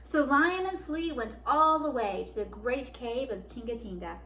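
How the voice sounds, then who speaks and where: Librarian lady doing storytime, high voice, roomy echo, faint hum behind. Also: normal speed. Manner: expressive, animated storyteller. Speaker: children's librarian. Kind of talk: reading a picture book aloud to children. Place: library program room. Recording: echoey room, faint background noise.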